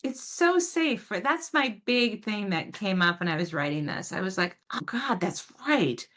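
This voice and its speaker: A woman giving a casual talk on a video call, answering parents' questions and telling stories with warm, animated emphasis. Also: medium pitch, normal speed. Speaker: parent educator, guest speaker.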